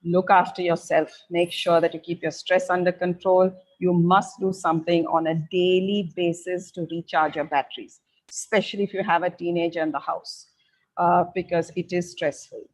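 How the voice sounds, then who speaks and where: A middle-aged woman giving parents measured advice, pausing often on fillers as she explains. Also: fairly low pitch, level tone, low-quality recording. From India. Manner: measured and advisory, with frequent filler pauses. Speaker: parenting educator.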